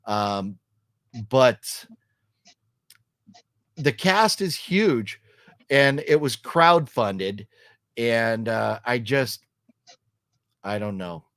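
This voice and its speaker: Speaking very slowly with long pauses, this middle-aged man reviews a horror movie trailer on a casual vlog in an expressive, medium-pitched voice that's a bit bright. He meanders through his thoughts, often saying um and starting over, and dramatizes quoted lines as he recounts things. It's a studio-quality recording without echo.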